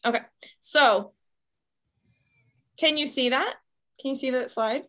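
A woman leading a video call for her team, telling her story in a chatty, animated way with lots of "right?" and "like". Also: sits high, slow, low-quality recording. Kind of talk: casual presentation to her team.

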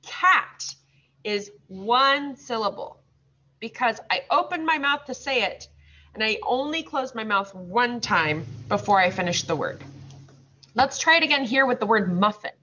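A woman teaching second graders, sounding out words slowly and patiently. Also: on the high side, expressive, sharp tone. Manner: slow, drawn-out modeling of words. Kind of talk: recorded classroom lesson. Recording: slightly dull lo-fi recording.

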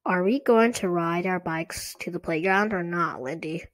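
A woman's voice: lowish voice, normal speed, lightly acted. A woman voicing an impatient young girl in a storybook reading, speaking in a snappish, skeptical way.

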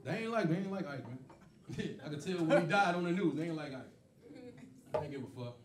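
Guy doing standup, swears a lot, really lively up-and-down voice, echoey club mic a bit far off, crowd noise. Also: a little high, quick pace. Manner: loud profane storytelling, acts out voices. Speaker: stand-up comedian. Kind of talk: stand-up comedy set. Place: comedy club stage. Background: laughing audience.

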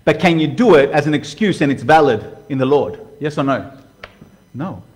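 A man preaching to a live congregation, conversational and direct, asking the room questions and swinging between hushed and loud. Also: fairly high pitch, lively intonation, moderate pace. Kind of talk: sermon. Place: church hall before a live congregation.

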